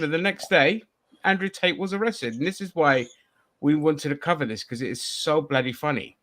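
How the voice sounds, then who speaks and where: A man hosting a casual podcast chat, brash and sweary, swinging between loud bursts and mumbles. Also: a little high, moderate pace. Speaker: podcast host.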